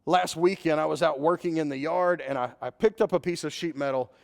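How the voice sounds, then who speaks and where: A man's voice: a little high, a little fast, vocal fry, a little mellow. A man preaching a conversational sermon as a pastor, mixing scripture with a personal story. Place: church sanctuary. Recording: long hall reverb.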